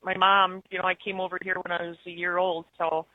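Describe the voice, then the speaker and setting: A woman's voice: fairly low pitch, flat delivery, fairly quick, no room sound. A woman with an Upper Midwest accent, calling in to a radio show and chatting in a rambling way. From Germany-born, raised in Wisconsin. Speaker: caller. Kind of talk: casual call-in chat. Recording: muffled phone call.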